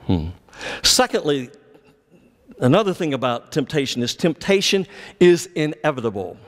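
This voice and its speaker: A man's voice: a little high, very animated, normal speed, a bit bright. A male pastor preaching a sermon, explaining scripture and pressing his points with emphatic, repeated commands. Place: church sanctuary. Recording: long church reverb.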